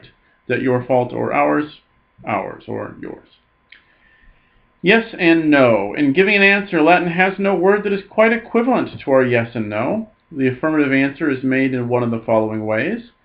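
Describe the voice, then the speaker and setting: A man teaching a recorded Latin lesson, patiently reading each phrase slowly and then explaining it. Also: medium pitch, creaky, highs cut off.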